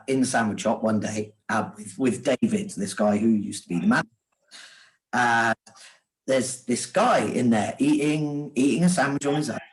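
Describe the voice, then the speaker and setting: Animated man telling stories. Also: medium pitch, low-quality recording. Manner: animated, laughing, quick restarts. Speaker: author and sandwich shop owner, guest. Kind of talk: casual storytelling chat.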